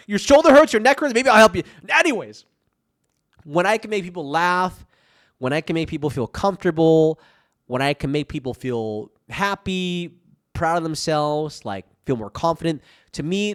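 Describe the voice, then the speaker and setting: A young adult man telling a story on his own casual solo podcast, animated, with many restarts. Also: fairly high pitch. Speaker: podcast host.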